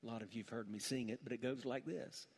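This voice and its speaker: A man's voice: mid-range voice, steady tone, fast talker, husky. A middle-aged man preaching a sermon, telling a family story and building to impassioned preaching. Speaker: pastor. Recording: long church hall reverb.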